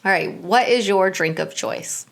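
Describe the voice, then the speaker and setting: A woman's voice: fairly low pitch, unhurried, vocal fry. Playful teasing woman asking questions. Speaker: guest interviewer. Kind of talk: casual chat.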